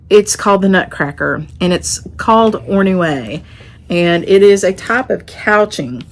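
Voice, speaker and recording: A middle-aged woman with a Southern Appalachian accent, chatting to camera about her stitching in a rambling, homey way. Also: lowish voice. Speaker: shop owner and stitching vlogger. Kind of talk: casual chat to camera.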